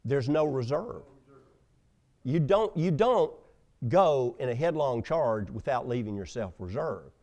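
A man preaching a sermon, telling stories with loud emphasis and hushed asides. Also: mid-range voice, expressive, measured pace. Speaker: pastor.

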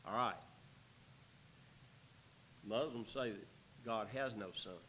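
A man's voice: lowish voice, takes it slowly, sharp tone, a little hiss or hum, poor audio. Folksy man teaching scripture. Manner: reads scripture aloud, then breaks in with folksy, joking asides. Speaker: Bible teacher. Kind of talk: verse-by-verse sermon teaching.

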